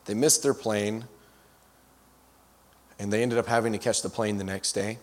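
A man's voice: fairly low pitch, fairly even intonation, moderate pace. A man preaching to a congregation, working through stories and breaking off into restarts and side remarks. His voice carries a long reverb that rolls through a big hall. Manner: storyteller with frequent restarts and asides. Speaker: guest preacher. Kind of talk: storytelling sermon.

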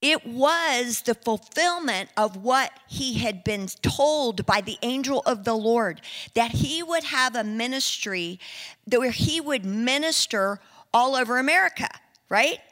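A woman preaching, telling a story in an animated way and acting out the people in it. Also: a little high, unhurried. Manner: animated, acts out quoted speech. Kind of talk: sermon storytelling. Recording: long reverb in a hall.

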